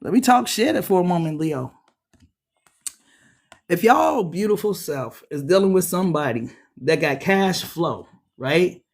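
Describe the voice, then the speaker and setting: A woman giving a casual tarot reading, talking straight to viewers in a blunt, profane way that jumps into high, excited bursts. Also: a little slow. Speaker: tarot reader.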